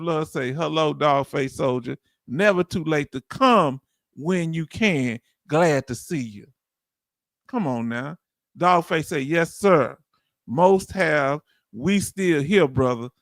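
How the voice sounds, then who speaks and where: Southern male stream host, gravelly high voice, folksy and chatty, dry close sound. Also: fairly bright tone, dry recording. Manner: loose, folksy, calls out to viewers. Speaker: livestream host. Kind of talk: casual livestream chat reading comments.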